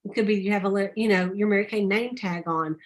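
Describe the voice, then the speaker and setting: A woman telling stories on a casual sales call, chatty and animated. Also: quick pace. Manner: chatty storyteller, acts out quotes with high voices. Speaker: sales director.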